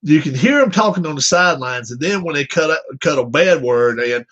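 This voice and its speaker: A man's voice: fairly high pitch, animated, a little fast, fairly bright tone. A man chatting casually with his viewers, rambling and joking as he reads their comments aloud. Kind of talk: casual chat. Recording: dull lo-fi recording.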